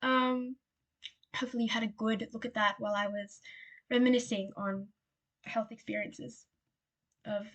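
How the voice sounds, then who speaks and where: A woman's voice: fairly high pitch, steady tone, normal speed, pauses often, fairly bright tone. A young woman with an Australian accent giving a casual exam revision lecture, chatty and rambling with lots of fillers and asides.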